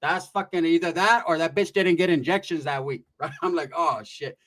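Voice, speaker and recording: A man telling a comic story in an animated, profane, slangy way. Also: fairly high pitch, a little fast. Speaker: comedian storyteller.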